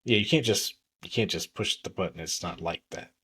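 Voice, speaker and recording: A man's voice: low voice, brisk, pushed and bright, husky. A man co-hosting a podcast, casually recapping a TV episode and acting out scenes with swearing and laughter. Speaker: podcast co-host.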